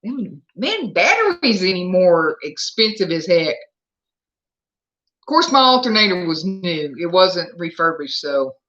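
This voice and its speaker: Bright Southern-accented livestream host. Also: medium pitch, very animated, slow. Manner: chatty, answers viewer comments aloud. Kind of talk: casual live chat. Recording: slightly dull lo-fi sound.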